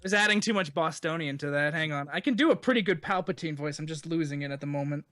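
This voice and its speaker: A man's voice: on the high side, fast, sharp tone. A young man co-hosting a podcast in loose, rowdy chat, swearing and laughing through his own impressions. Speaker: podcast co-host. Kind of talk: casual chat.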